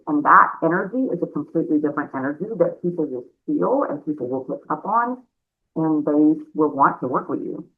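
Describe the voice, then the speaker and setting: A woman giving a conversational sales training talk, chatty and animated, calling her listeners y'all. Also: deep voice. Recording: narrow phone-like sound.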